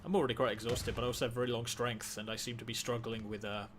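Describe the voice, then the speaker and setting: A man's voice: mid-range voice, little pitch movement, fast talker, background noise. A man hosting a gaming video, giving dry, wry let's play commentary and often stammering and restarting his sentences.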